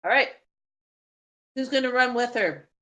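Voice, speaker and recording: A woman running a tabletop game as game master, calling out rolls and rules in a brisk, instructive way. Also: on the high side, a bit bright.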